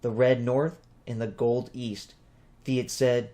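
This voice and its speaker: Casting: male audiobook narrator, mid-pitched, steady plain storybook reading. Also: takes it slowly.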